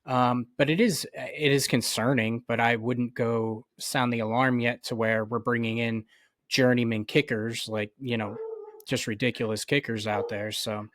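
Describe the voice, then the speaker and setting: A man co-hosting a sports podcast in casual chat, measured and full of "um" and "you know". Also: medium pitch, fairly even intonation, fairly bright tone, dry recording, studio quality. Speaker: podcast co-host.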